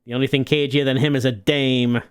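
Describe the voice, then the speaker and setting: A man's voice: mid-range voice, flat delivery, brisk, clean tone, dry recording, lightly acted. Brief: man doing a swaggering mob boss in a crime game, clipped slang, dry close mic. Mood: brash. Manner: tough-guy slang, clipped. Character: cocky young male mob boss, brash and smooth.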